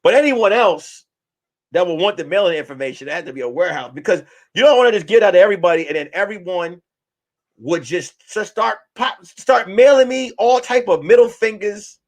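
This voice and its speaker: Animated high-voiced man vlogging. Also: brisk. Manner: loose and animated, bursts into song and mock voices. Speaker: comedian and vlogger. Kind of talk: casual vlog chat.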